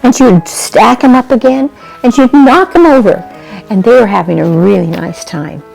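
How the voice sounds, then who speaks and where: A woman tells a children's tale in a homespun, repetitive, gentle manner. Her voice is a little high and carries a gravelly fry. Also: expressive, normal speed, faint music behind, low-quality recording. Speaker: storyteller. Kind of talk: oral storytelling to children.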